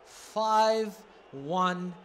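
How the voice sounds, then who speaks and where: A young man with a fairly high voice talks through a football video game in casual commentary. He swears constantly and gets loud when the action heats up. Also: drawn-out words, slight background noise. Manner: excitable, swears constantly, shouts at big moments. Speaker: gaming commentator.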